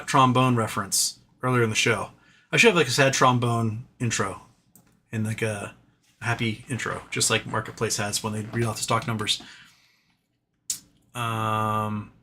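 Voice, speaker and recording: A man's voice: medium pitch, bright, forceful tone. A man hosting a casual live stream, rambling and self-deprecating as he reads viewer chat, with sighs and the odd swear. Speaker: livestream host reading viewer chat.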